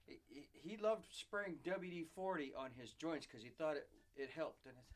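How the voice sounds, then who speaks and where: A middle-aged man co-hosting a casual chat, telling stories in a chatty, animated way. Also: on the high side. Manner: chatty, animated, quick to jump in.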